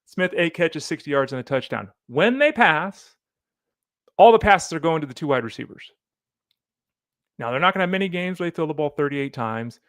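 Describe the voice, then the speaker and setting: Animated man with a gravelly voice. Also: a little high, normal speed, no echo, studio quality. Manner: animated, opinionated, talks straight to the listener. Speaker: fantasy football podcast host. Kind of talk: solo sports podcast commentary.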